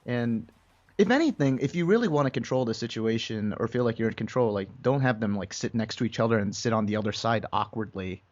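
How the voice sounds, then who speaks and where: A man's voice: medium pitch, expressive, fairly quick, a little mellow. A young man co-hosting a podcast in casual chat, rambling and laughing often. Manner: laid-back, rambling, laughs often, many fillers. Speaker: podcast co-host. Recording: dull lo-fi sound.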